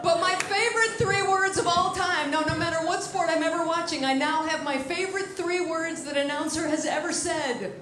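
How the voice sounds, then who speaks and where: A woman stand-up comedian performing a set, telling chatty, animated stories. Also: very high voice, fairly quick, hardly any pauses, background noise.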